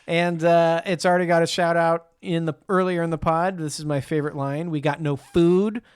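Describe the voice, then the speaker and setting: Crisp, dry-sounding male podcast host. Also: fairly high pitch, little pitch movement, fairly quick, dry recording. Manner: upbeat, laughs at his own quotes. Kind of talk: casual film chat.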